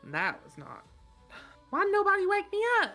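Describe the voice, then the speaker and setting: A woman's voice: medium pitch, big pitch swings, a little slow, pushed and bright, faint music behind. A woman voicing a feisty, folksy young woman adventurer who talks in an indignant, flustered way.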